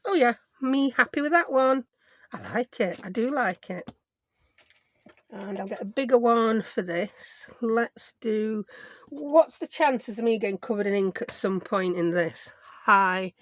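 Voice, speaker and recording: A woman's voice: a little high, measured pace, a bit bright. Chatty woman crafting. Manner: chatty, rambling, self-mocking asides. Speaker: craft vlogger. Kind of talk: casual chat while crafting. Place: home craft desk.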